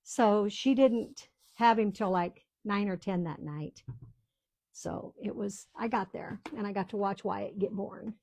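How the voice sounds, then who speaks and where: A grandmotherly woman in her sixties talks to her viewers as she paints, spinning one family story into the next. Her voice has a gravelly fry to it, and it sounds close and dry with no room around it. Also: mid-range voice, measured pace, darkish tone, no room sound. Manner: chatty, rambling storyteller talking to viewers. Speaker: craft video host. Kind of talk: casual chat while crafting on camera. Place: small-town home.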